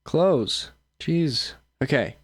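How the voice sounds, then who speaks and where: A man's voice: fairly high pitch, expressive, drawn-out words, no room sound, clean studio sound. A man hosting his own show, ranting profanely and rambling through reaction commentary with lots of fillers. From United States. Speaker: streamer and show host.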